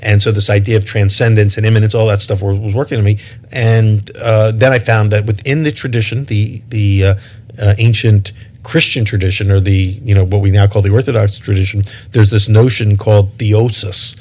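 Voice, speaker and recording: Thoughtful low-voiced man, halting. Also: steady tone, darkish tone. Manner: thoughtful, many restarts and repeated words. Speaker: guest. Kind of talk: reflective interview talk.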